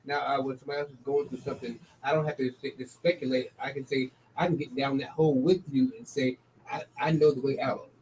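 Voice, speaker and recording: A man sharing earnestly in a recovery support group, speaking quickly. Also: medium pitch, little pitch movement, darkish tone, slightly rough, poor audio.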